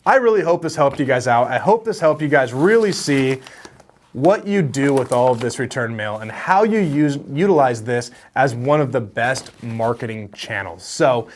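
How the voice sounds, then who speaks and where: A man's voice: medium pitch, moderate pace. A young man hosting a casual advice vlog on real estate wholesaling, talking to camera in a friendly, storytelling way. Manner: friendly, storytelling, animated with laughs.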